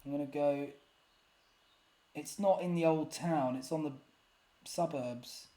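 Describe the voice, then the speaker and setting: Man, game commentary, self-deprecating, muttering, fairly high voice. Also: slow pace, warm tone. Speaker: gaming YouTuber.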